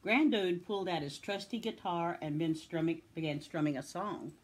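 A woman from Tennessee reading a children's picture book aloud with expressive storytelling. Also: fairly low pitch, moderate pace, breathy edge.

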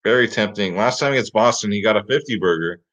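In slightly dull lo-fi audio, a man on the low side of the pitch range talks quickly, his tone a bit bright. He's hosting a fantasy sports picks show with a casual, hyped rundown, repeatedly using "guys" and "get him in there."

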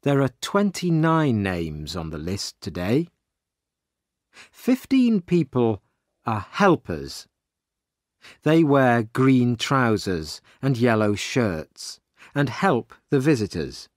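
A man narrating a simple story slowly and clearly for English learners. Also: medium pitch, no echo, clean studio sound. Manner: slow, clear and expressive reading.

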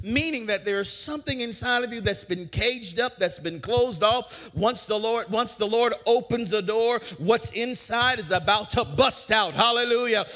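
A man preaching a sermon, fervent, repeating phrases and building to loud declarations. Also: high-pitched.

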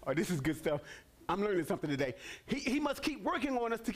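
Preaching on a TV ministry broadcast, this high-pitched man talks fast, animated and repetitive. His sermon is marked by stammered restarts and abrupt bursts of energy.

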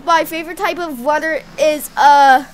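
High-voiced playful woman gaming. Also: steady tone, normal speed. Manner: playful, repeats herself. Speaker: gaming channel co-host. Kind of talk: casual gameplay chat.

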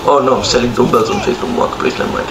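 A man's voice: medium pitch, steady tone, rapid-fire. Young guy, chatty slangy gameplay commentary, roomy echo, background noise. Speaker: gaming YouTuber. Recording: echoey room with background noise.

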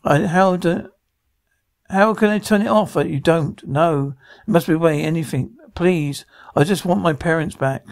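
A man's voice: on the high side, measured pace, gravelly, no echo, clean studio sound. A man reading every part of a drama aloud, sound cues included, with slips and restarts. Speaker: radio show reader voicing a TV drama.

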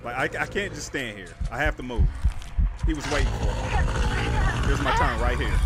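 Excitable man narrating his gameplay. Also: medium pitch, normal speed, long pauses, background noise. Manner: animated, swings from loud outbursts to hushed muttering; slangy, repeats short phrases under stress. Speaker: gaming channel host. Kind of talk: casual gameplay commentary.

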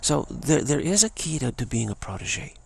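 Casting: gravelly, raspy male teacher, rambling, stammering delivery. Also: fairly high pitch, very animated, moderate pace. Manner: rambling, many restarts and stammers, laughs often. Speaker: spiritual teacher. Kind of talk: casual spoken talk.

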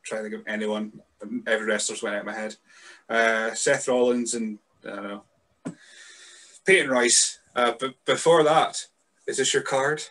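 A man's voice: fairly low pitch, fairly even intonation, normal speed, bright, forceful tone. A man hosting a podcast, chatting loosely, laughing often and swearing freely. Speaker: podcast host. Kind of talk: casual chat.

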